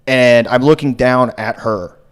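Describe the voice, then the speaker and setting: A man's voice: medium pitch, measured pace, smooth. A man hosting a casual comedy podcast, telling a rambling story full of fillers and swearing. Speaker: podcast host.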